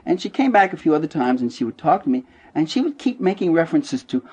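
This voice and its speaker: Animated man joking through a book talk. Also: fairly high pitch, quick pace, few pauses, husky. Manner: animated, joking storyteller with many restarts; acts out quoted voices. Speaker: author giving a talk. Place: bookstore.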